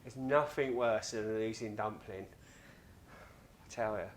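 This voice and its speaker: A man with a lowish voice talks through a recipe in his home kitchen. He keeps it casual and chatty, tossing in jokes at his own expense. A faint hum of kitchen noise sits behind him. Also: takes it slowly. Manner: chatty, joking, self-mocking asides. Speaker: cooking show host. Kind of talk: casual cooking demonstration.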